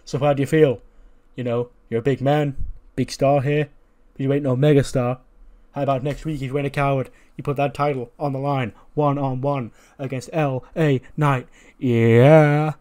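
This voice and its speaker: A man voicing a cocky male wrestler who calls himself a megastar, trash-talking loudly. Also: mid-range voice, steady tone, moderate pace, natural voice. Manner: cocky, loud trash talk.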